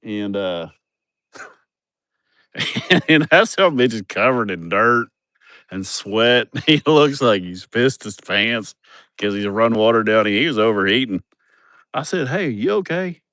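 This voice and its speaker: A man talks into his phone outdoors at a building site, rambling and salty, laughing at his own stories. His voice sits on the low side, and the sound is dry and close with no room around it. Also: lively intonation, takes it slowly, long pauses, bright, forceful tone, smooth, dry recording. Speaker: vlogger showing a building project. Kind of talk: casual livestream chat.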